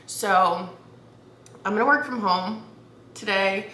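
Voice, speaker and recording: A young woman vlogs from her bed, talking candidly into a camera she holds up. She is close to tears and keeps restarting her sentences. Her voice is bright, and the room is echoey with a faint hum behind her. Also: mid-range voice. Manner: candid, halting, restarts, laughs through near tears. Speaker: vlogger. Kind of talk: casual vlog talk to camera. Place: at home, in bed. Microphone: camera held up.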